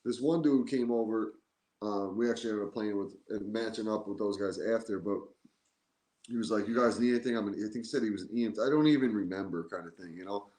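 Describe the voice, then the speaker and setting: A man co-hosting a podcast in a casual chat, telling an animated story full of "like". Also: on the low side, quick pace. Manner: animated storytelling, heavy use of "like". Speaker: podcast co-host. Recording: echoey room.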